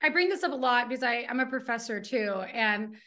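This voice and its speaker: A woman author and professor interviewing a fellow writer over a video call, talking quickly and effusively, laughing often. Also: on the high side, sharp tone. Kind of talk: virtual book launch conversation. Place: home in Texas.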